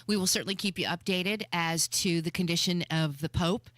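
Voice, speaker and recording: Woman, radio host, live studio chat, low pitch, dry sound. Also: a little fast, no room sound. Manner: relaxed, chatty, wraps up the show.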